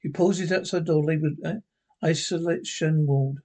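A man reads a script's stage directions aloud. His delivery is plain and stumbles now and then. His voice sits fairly high for a man. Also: steady tone, moderate pace, a little mellow. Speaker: reader.

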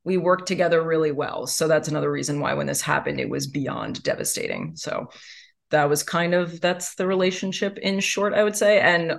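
Woman, podcast guest, chatty and candid, gravelly vocal fry. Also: low-pitched, normal speed. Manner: chatty, heavy use of "like" fillers. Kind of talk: candid conversational storytelling.

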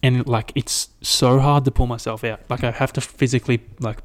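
A man's voice: mid-range voice, flat delivery, moderate pace. A young Australian man chatting alone into a mic, rambling and swearing freely as he retells his week. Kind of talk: casual solo chat.

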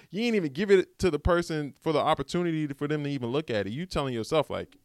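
Speaking close to a dry mic, a man rambles through a slangy pep talk, his pitch swinging lively up and down at a quick pace. His smooth, resonant voice has the loose, casual flow of a podcast host riffing on his own in a motivational monologue. There is no room sound.

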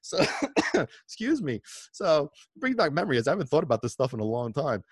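Rambling, animated middle-aged man. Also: a little high, a little fast, breathy edge, dry recording, clean studio sound. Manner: rambling, many restarts and fillers, animated. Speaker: vlogger. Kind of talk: casual nostalgic storytelling.

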